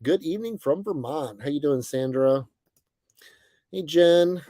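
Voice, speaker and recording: A young man hosting a casual livestream, greeting viewers by name and chatting in a relaxed, friendly way with plenty of fillers. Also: a little high, measured pace, dry recording. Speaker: livestream host. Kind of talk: casual chat reading viewer comments. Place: bus, indoors.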